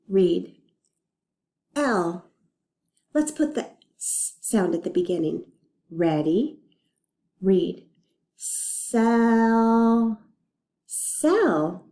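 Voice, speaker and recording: Woman, reading teacher for young kids; slow, patient, mellow voice with a lively, sing-song pitch. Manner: slow, patient, clearly sounding out letters and words. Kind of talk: recorded phonics lesson for young children.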